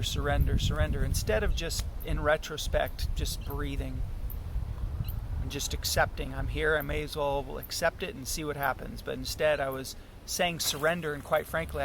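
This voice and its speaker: A man with a gravelly, slightly high voice tells a personal story in a halting, earnest monologue, often breaking off and restarting his sentences. Loud background noise with passing vehicles sits under the recording. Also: steady tone. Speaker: musician telling a personal story.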